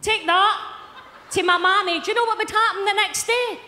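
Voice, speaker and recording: Very high-pitched brash Glaswegian woman. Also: moderate pace. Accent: Glaswegian Scottish. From Scotland. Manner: brash, shouts punchlines to a big crowd. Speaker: stand-up comedian. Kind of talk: live stand-up routine. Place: large arena, live charity concert. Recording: echoey arena with loud crowd.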